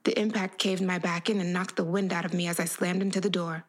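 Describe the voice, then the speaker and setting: A woman's voice: on the low side, level tone, fast talker. A woman podcast host reading a first-person horror story aloud in an intense, dramatic storytelling manner. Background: music.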